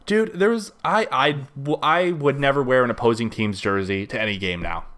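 A man's voice: mid-range voice, moderate pace, a bit bright. A young man from Canada, co-hosting a casual podcast chat, telling stories in a laid-back, rambling way.

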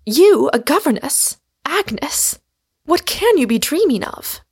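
A woman reading aloud, voicing a young woman as a teasing, incredulous elder sister in a storybook. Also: moderate pace. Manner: incredulous, high and excited.

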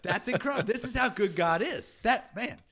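Animated, enthusiastic man cheering a friend on. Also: high-pitched, fairly quick. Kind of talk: casual faith conversation.

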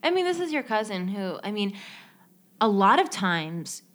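A young woman co-hosts a podcast in loose, casual chat and keeps dropping "like" as she talks. Her pitch is ordinary for a woman. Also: sing-song, moderate pace, fairly bright tone. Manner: chatty, uses lots of fillers. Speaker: podcast co-host. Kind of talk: casual chat, running a game segment.

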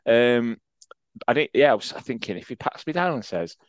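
A man's voice: medium pitch, big pitch swings, no echo, highs cut off. A man, co-hosting a casual podcast, talking and laughing easily. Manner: chatty, quick to laugh. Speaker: podcast co-host. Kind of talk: casual chat.

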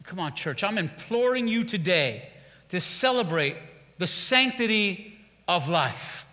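High, bright-voiced preacher in a reverberant church. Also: male voice, very animated, unhurried. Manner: rousing, repetitive preaching with call-and-response. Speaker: pastor. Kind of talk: sermon. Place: large church sanctuary. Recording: long church hall reverb.

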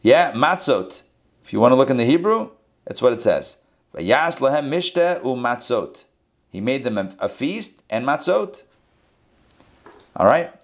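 A man teaching a scripture class with animated delivery, rhetorical questions and playful asides. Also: mid-range voice, moderate pace, pauses often. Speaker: Bible teacher.

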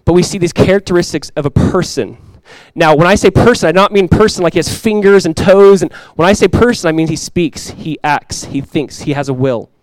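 A male pastor in his thirties preaching a conversational, animated sermon with quick asides. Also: sits high, dry recording.

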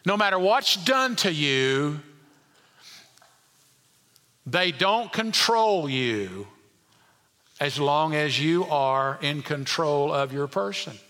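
Preacher guy, high bright voice, long reverb like a big church hall. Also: expressive, takes it slowly, long pauses. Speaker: pastor. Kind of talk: sermon.

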